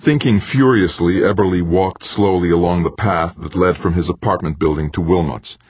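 A man narrating an audiobook in a husky voice with a dramatic, expressive reading. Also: low voice, moderate pace, dull audio. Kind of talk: scripted narration.

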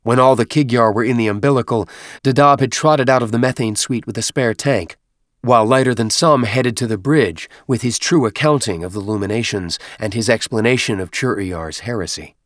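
A man reading a science fiction novel aloud in steady, measured audiobook narration. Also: medium pitch, no room sound, studio quality. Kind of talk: scripted narration.

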